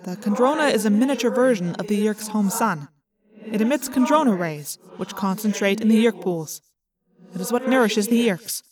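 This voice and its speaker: A woman's voice: medium pitch, a crowd in the background, natural voice. Woman voicing a formal alien warrior. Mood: explaining. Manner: formal, measured phrasing. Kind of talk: audiobook character voice.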